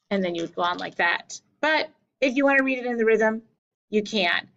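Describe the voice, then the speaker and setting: A woman teacher giving a slow, deliberate lesson over slides, correcting herself now and then. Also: fairly high pitch, lively intonation, gravelly, fairly bright tone, muffled recording. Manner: slow, deliberate explaining with small self-corrections.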